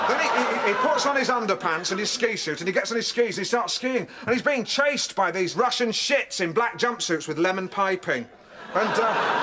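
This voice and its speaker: A giddy, animated comic figure, played by a man, tears through a spy film scene by scene, jumping into little put-on voices. His voice sits very high. The played clip carries heavy, loud noise underneath. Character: excitable man gleefully retelling a spy film.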